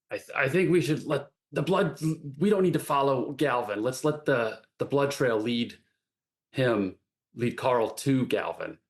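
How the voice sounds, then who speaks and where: Lively gravelly man player. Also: medium pitch, unhurried. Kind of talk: casual tabletop play.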